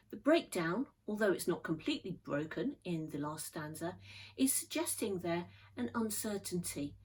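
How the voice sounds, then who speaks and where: A woman teacher giving a measured, thoughtful poetry lesson. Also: on the low side, breathy edge, low-quality recording. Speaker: English literature teacher.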